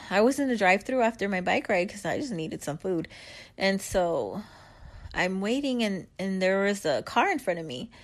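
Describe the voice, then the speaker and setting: A middle-aged woman giving life advice in a candid, chatty vlog, with frequent laughs and slangy asides. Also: medium pitch. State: upbeat after a bike ride. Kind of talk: casual motivational chat.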